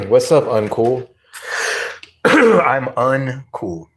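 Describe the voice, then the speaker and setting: A man hosting a casual livestream, talking to his viewers at an unhurried, easygoing pace. He rambles from one thought to the next, laughs often, and swears freely. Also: medium pitch, very animated, background noise. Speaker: live streamer.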